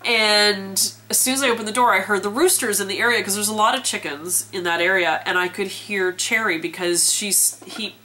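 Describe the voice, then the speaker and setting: A woman tells a story to her camera in a casual vlog, chatty and quick to laugh at herself. Her voice is bright and clear. She talks from outdoors and from a parked car, with a faint hiss of noise behind her. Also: medium pitch. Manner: chatty, laughs often, self-mocking. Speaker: vlogger.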